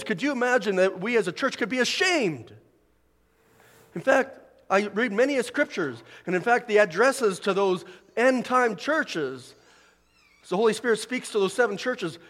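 A man's voice: high voice, a bit bright, in a large hall. A man preaching a sermon as pastor, building to emphatic peaks. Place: church sanctuary.

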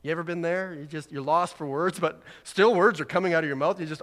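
A man's voice: fairly high pitch, quick pace, fairly bright tone, long reverb tail. A man preaching a sermon, chatting along casually and then building to emphatic exhortation. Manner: conversational, rising to emphatic exhortation. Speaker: pastor.

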